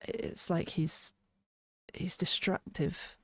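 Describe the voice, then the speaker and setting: Lower-voiced woman reviewing an album. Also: slow, creaky, no echo, clean studio sound. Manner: thinking aloud, restarts sentences, laughs. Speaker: music reaction host.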